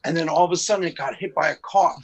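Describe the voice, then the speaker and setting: A man in a casual group chat telling a lively story with quick asides. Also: fairly high pitch, slight background noise, low-quality recording. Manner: animated storyteller, quick quips. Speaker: panel guest.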